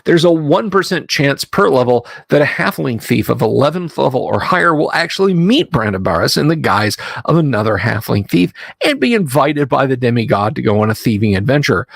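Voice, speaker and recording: A man's voice: medium pitch, vocal fry, dry recording. A man hosting a live stream, reading a game rulebook aloud and breaking off for wry, joking asides to his chat. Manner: wry, digressive, answers chat with jokes. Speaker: livestream host.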